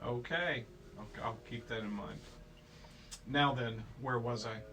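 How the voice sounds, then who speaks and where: A man's voice: medium pitch, steady tone, a little slow, bright, forceful tone, faint music behind, rough recording. A man casually retelling a film story to a child at home, playful and rambling, slipping into goofy voices.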